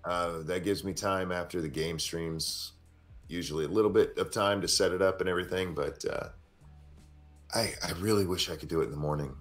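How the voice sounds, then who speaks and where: Deep-voiced blunt, swearing man. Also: fairly quick, soft background music. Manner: blunt, profane. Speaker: guest. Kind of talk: casual livestream chat.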